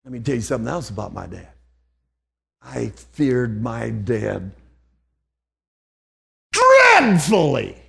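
A man's voice: mid-range voice, a little slow, creaky, warm tone, breathy edge. An older man preaching an old-fashioned sermon, dropping to near whispers and then rising to fervent outbursts.

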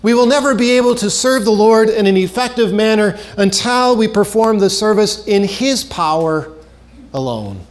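Male preacher, high voice, earnest sermon delivery, repeats key phrases, trails low at phrase ends. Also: expressive, normal speed.

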